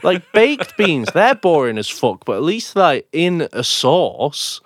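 A man's voice: fairly high pitch, very animated, takes it slowly, no room sound, clean studio sound. A man from Britain in casual chat, blunt and sweary, mocking things he dislikes.

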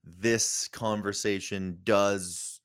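A man's voice: on the low side, steady tone, very slow, fairly bright tone, smooth. A man co-hosting a wrestling podcast, laid-back and laughing often in casual chat. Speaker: podcast co-host.

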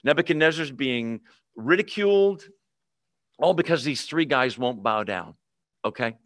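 A man's voice: mid-range voice, lively intonation, unhurried, a bit bright, no echo. Man teaching a Bible passage, dry sound. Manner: conversational, checks in with listeners.

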